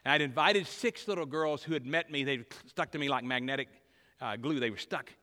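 A man preaching a sermon in a church sanctuary, his bright, forceful voice carrying a long hall reverb. He moves between loud emphatic declarations and quiet, tender stretches. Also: medium pitch, brisk. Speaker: pastor.

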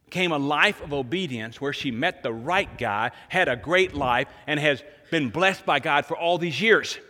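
Male pastor, sermon delivery, bright ringing tone, repeats lines for emphasis, long hall reverb. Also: fairly high pitch, measured pace, hardly any pauses. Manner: animated storytelling preacher, repeats phrases for emphasis.

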